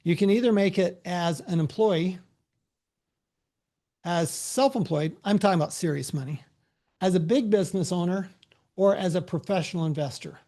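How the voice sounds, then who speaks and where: A middle-aged man, a tax advisor, giving a relaxed, anecdote-filled presentation over a video call with frequent restarts. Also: sits high, moderate pace, long pauses. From United States.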